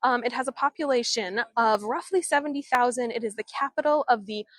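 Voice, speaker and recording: A woman's voice: a little high, a little fast, a bit bright, no echo. A woman chatting casually as she leads a live-streamed walking tour outdoors in an old town, talking to viewers' comments while holding her camera. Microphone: handheld camera or phone she turns while walking.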